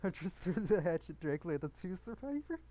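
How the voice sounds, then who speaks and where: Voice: mid-range voice, big pitch swings, fast talker, mellow, poor audio. A streamer reading a dating game aloud, full of joking asides and giggles. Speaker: gameplay streamer.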